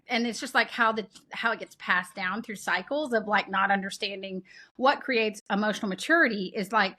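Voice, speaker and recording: A woman explaining child development in a conversational interview, earnest and animated, acting out what parents say. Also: mid-range voice, moderate pace.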